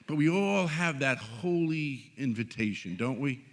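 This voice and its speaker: A man speaking from a conference stage about faith and mercy, swinging between quiet earnest moments and animated, joking asides. His voice sits at a middle pitch. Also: a little slow. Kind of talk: inspirational faith talk.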